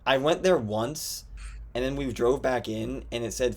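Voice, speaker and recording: A young man hosting a podcast, talking in a rambling, casual way full of restarts and quick asides. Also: fairly low pitch, steady tone, creaky. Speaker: podcast host. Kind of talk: casual chat.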